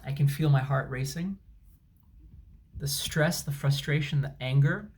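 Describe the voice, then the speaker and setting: A man's voice: mid-range voice, a little slow, a little mellow. Exasperated man ranting about a trip. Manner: exasperated, emphatic, sarcastic. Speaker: travel vlogger. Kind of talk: angry storytime rant. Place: at home, indoors. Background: dryer and washing machine running.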